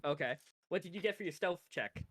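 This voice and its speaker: A man narrating a tabletop role-playing game as game master, lively and full of restarts. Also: a little high, fairly quick, background noise.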